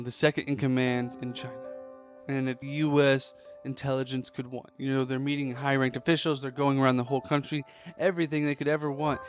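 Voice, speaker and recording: Male podcast host, casual animated storyteller, mid-pitched. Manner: animated, jokey, does quick quoted voices.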